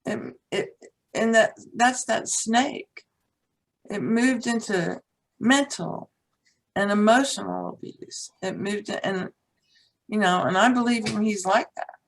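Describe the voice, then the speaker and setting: A woman's voice: mid-range voice, slow pace, vocal fry, rough recording. A woman guest, a teacher and author, telling a personal story in conversation in a blunt, frank way and swearing casually.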